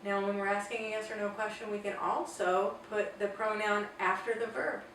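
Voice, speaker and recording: A woman's voice: medium pitch, fairly even intonation, a bit bright. Woman teaching in an echoey room. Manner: slow, deliberate modeling of example sentences. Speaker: Spanish teacher. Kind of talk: online language lesson. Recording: echoey room, distant mic, faint noise.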